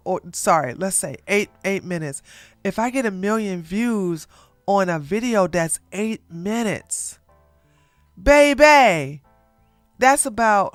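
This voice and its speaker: YouTube drama commentator, blunt repetitive rant, smooth voice, faint music behind. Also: medium pitch, no echo. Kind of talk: reaction commentary.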